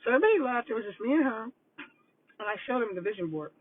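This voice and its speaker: An older woman coaching on vision boards, telling stories in a casual, animated, rambling way. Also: fairly high pitch, quick pace, slightly rough. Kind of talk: casual livestream talk. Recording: tinny phone-like line, dry.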